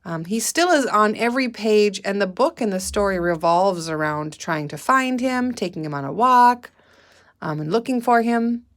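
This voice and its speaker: A woman teacher leading a guided reading lesson for young children, patient and deliberate, prompting the class to say and spell words. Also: medium pitch, lively intonation.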